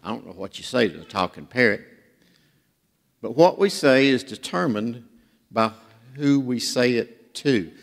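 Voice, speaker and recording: A man's voice: medium pitch, animated, a little slow, creaky, pauses often. A man preaching a sermon in a church, telling jokes and stories in a folksy way. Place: church sanctuary. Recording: reverberant church hall.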